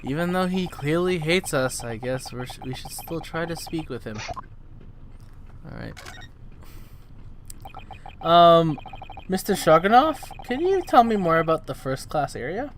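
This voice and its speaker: Guy streaming a game, reading the lines out politely, bit high voice, hissy audio. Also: big pitch swings, measured pace, long pauses.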